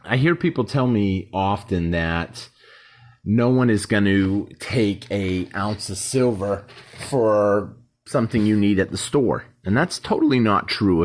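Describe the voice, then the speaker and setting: A man hosting his own channel, talking casually and rambling, acting out short quoted exchanges. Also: fairly low pitch. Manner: rambling, conversational, acts out little quoted exchanges. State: yawning, tired. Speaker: YouTube host. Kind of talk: casual talk to camera.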